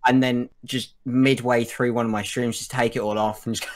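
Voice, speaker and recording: A young man on a voice call, speaking low-key and dry. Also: little pitch movement, moderate pace. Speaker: guest. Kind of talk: casual chat on voice call.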